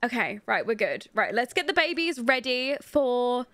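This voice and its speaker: A young woman from Britain with a British accent, chatting through a game stream. Her voice is high and bright, and it bounces lively up and down as she giggles and answers her chat. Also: moderate pace, dry recording. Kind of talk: casual gameplay commentary.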